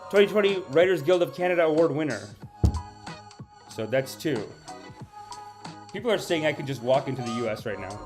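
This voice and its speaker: A man hosting a comedic live-stream podcast, rambling and ironically boastful as he chats with viewers and reads their names. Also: a little high.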